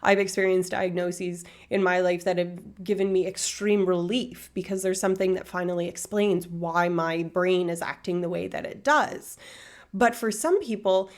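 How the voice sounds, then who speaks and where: A woman's voice: lowish voice, a little mellow. A woman streamer talking casually to her live chat, explaining things earnestly in a rambling way with many fillers. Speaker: Twitch streamer. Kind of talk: casual livestream chat answering viewers.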